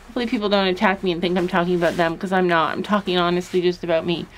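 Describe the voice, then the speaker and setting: Here the same kind of scene: a woman in her fifties vlogs from a chilly barn about her farm, speaking openly and with feeling while occasionally turning to talk to her animals. She has a lowish voice with a steady tone and races along, over slight background noise in a rough recording.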